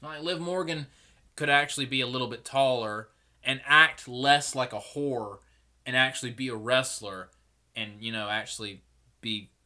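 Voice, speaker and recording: A man's voice: medium pitch, pushed and bright. A young man hosting a solo podcast, giving rambling, opinionated commentary and swearing freely. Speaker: podcast host.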